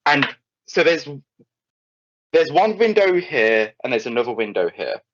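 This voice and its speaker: A young man telling a casual anecdote in an animated way, swearing freely and often restarting his sentences. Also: medium pitch, a little slow, slight background noise. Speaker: storyteller. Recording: dull, lo-fi, dry sound.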